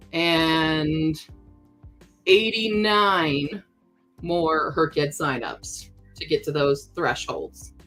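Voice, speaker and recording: A woman chatting casually on a live stream while she works, laughing often and answering chat in quick asides. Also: sits low, fairly bright tone.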